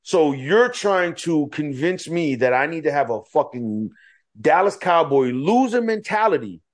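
A man's voice: on the high side, unhurried. A man co-hosting a podcast in casual chat, telling stories with lots of swearing and quoted back-and-forth. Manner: profane, animated storytelling with quoted voices. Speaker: podcast co-host.

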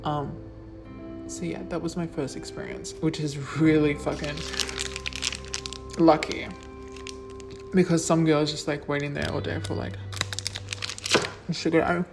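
A woman's voice: sits low, level tone, unhurried, vocal fry, pauses often, music in the background. Blunt, profane young woman. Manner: blunt and profane, with many likes and ums. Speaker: vlogger answering questions. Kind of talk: casual Q&A monologue.

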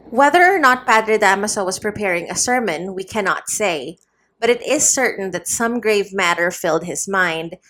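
A woman narrates a classic novel at an even, measured pace. Her voice sits at a middle pitch, and she reads plainly, with little drama. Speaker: audiobook reader. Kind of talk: scripted narration.

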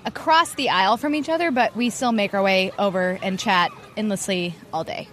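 A woman guest answering interview questions at an outdoor post-wedding barbecue, relaxed and laughing often. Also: mid-range voice, moderate pace, a little hiss or hum. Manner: giggly, relaxed. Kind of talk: casual interview chat.

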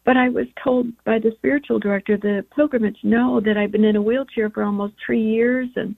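A woman's voice: fairly high pitch, fairly even intonation, a little fast, gravelly, dry recording. Earnest woman telling her story over the phone. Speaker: guest on a religious radio show. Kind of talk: personal testimony. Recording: tinny phone line.

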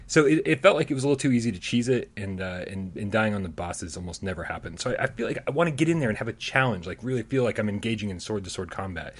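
A man's voice: lowish voice, animated, fast talker, hardly any pauses, husky. A man co-hosting a casual gaming news show, joking, laughing often and talking loosely with many fillers. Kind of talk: casual chat.

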